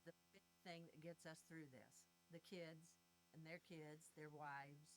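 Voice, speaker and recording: A woman's voice: deep voice, flat delivery, measured pace, slight background noise, low-quality recording. An older retired woman speaking earnestly and from the heart in an interview, leaning on her faith and family. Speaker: grieving mother and guest.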